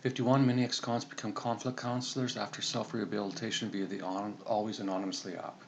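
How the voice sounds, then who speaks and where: A man telling a comedic story in a deadpan, matter-of-fact way, sometimes correcting himself. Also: on the low side, fast talker, a little hiss or hum. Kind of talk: comedic monologue narration.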